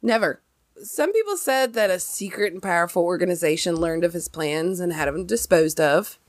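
A young adult woman hosting a podcast, telling a story in casual chat with lively emphasis and many fillers. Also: on the low side, normal speed, dry recording, clean studio sound. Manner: chatty, animated, many fillers. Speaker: podcast host.

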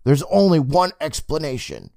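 A man voicing an excited, determined girl who insists on her theory. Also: fairly high pitch, a little slow, no room sound, studio quality, voice pushed up. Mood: insistent. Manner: urgent, insistent.

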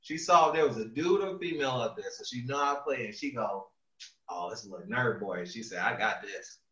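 A man telling a funny story in casual chat, laughing often and dropping low and quiet for the quoted lines. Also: expressive, a little fast. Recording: echoey room, far from a dull mic.

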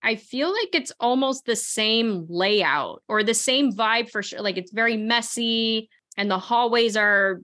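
A woman's voice: a little high, a little slow, hardly any pauses, sharp tone. A woman hosting a podcast in casual chat, rambling and laughing as she talks. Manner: chatty, rambling, laughs often. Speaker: podcast host.

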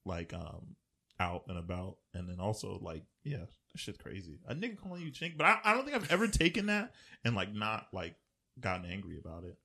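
A man co-hosting a podcast, talking casually and profanely, telling stories in bursts that swing loud and high. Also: huge pitch swings, brisk, vocal fry, breathy edge. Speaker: podcast co-host. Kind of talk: casual chat.

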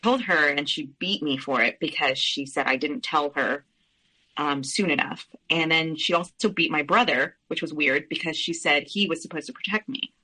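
A woman's voice: deep voice, moderate pace, sharp tone, husky, low-quality recording. A woman as a podcast guest, telling a personal family story in an earnest, candid way with frequent restarts.

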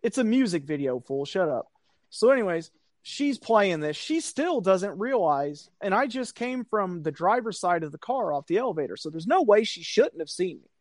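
Dude telling a wild story, kinda high voice, dry close sound, swears a lot. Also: male voice, normal speed, dry recording. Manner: animated storyteller, profane, acts out shouted quotes. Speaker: podcast co-host telling a story. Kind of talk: casual storytelling chat.

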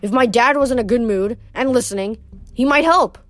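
A woman's voice: fairly high pitch, a little fast, no room sound. Woman reading a novel aloud. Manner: steady first-person storytelling, occasional stumbles and rereads. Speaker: reader.

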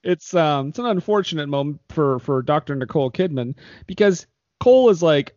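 A man hosting a podcast, recapping a movie in a lively, laughing way and acting out the characters' lines. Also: a little high, fairly quick, dry recording. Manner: animated, acts out lines, laughs often. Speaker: podcast host recapping a film. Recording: dry, dull lo-fi sound.

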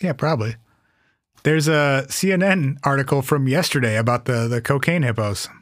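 A man's voice: mid-range voice, normal speed, no echo, clean studio sound. A man hosting a podcast in casual comedic chat, teasing his co-host with a wry, profane humor. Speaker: podcast host presenting cryptids.

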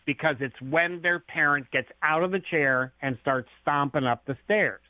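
A man's voice: on the high side, moderate pace, no room sound. Man explaining on a tinny phone line. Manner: storytelling, acts out quoted lines. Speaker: author and guest. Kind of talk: explanatory radio interview talk.

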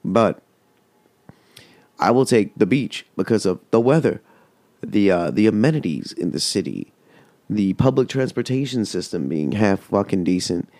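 A man's voice: fairly low pitch, lively intonation, moderate pace, a little mellow, no room sound. A man hosting a podcast, telling a rambling, heavily profane story in casual chat. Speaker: podcast host.

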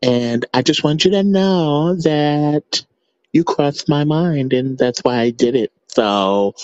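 Guy doing a slow syrupy caller bragging about cake, lowish voice, muffled dry voicemail sound. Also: a little mellow, no room sound. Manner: drawn-out, syrupy, boastful. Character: doting caller bragging about her homemade pound cake. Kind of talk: comedy voicemail sketch.

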